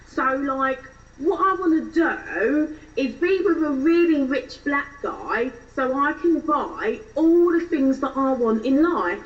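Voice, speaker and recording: A woman voicing a bubbly, shallow young Essex woman, with an Essex accent, chatty rising questions and drawn-out words. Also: high voice, distant mic, dull audio.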